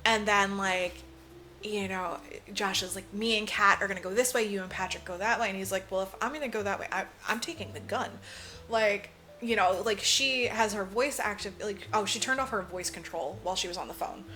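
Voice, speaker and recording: A podcast co-host with a mid-range, pushed, bright voice briskly recaps a film in a casual chat, acting out the characters' lines. She swears freely and uses "like" constantly as a filler.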